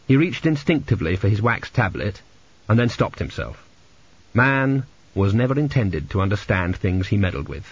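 A man narrating a comic fantasy audiobook in a dry, measured storytelling manner, in a lo-fi recording. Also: on the low side, sing-song, breathy edge. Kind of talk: scripted narration.

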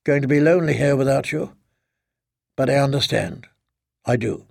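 A worried father speaks softly to his daughter, as a man reading an audiobook puts him on. His gravelly voice sits at an ordinary pitch. The sound is close and dry. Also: normal speed, no echo. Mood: tender. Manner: soft, tender. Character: gentle, worried middle-aged father. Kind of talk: audiobook character voice.

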